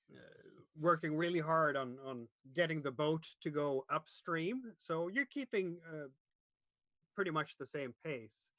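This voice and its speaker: Man, game master, halting narration, slightly high pitch, dry sound. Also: fairly bright tone, dry recording. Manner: halting, searching for words.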